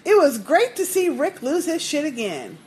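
A woman co-hosting a podcast in casual chat, reading listener mail, animated and profane, laughing often. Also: high-pitched, moderate pace, very noisy.

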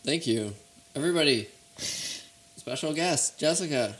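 A man's voice: on the high side, lively intonation, measured pace, fairly bright tone, a little hiss or hum. A man hosting a comedy talk show, trading laid-back, dryly joking banter with his guest. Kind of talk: casual comedic chat.

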